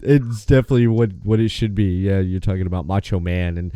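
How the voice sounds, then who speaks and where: A man's voice: deep voice, fast talker, warm tone, a little hiss or hum. A man hosting a podcast, chatting casually and enthusiastically, often restarting his sentences and swearing now and then. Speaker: podcast host.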